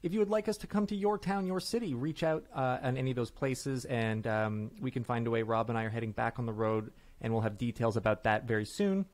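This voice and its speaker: A man's voice: medium pitch, a little fast, hardly any pauses, a little mellow. A man co-hosting a podcast, chatting casually and upbeat about improv. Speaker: podcast co-host. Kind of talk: casual chat.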